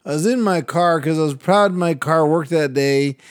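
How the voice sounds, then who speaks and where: A man's voice: fairly high pitch, normal speed, no room sound, studio quality. An older Latino man, a radio and podcast host, telling a personal story in casual chat, laughing often and acting out other people's voices. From Latin American heritage, United States.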